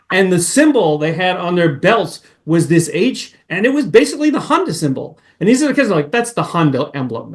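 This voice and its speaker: A man who grew up in Massachusetts, a podcast guest chatting casually and jumping between memories with excited asides. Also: high-pitched. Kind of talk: casual chat.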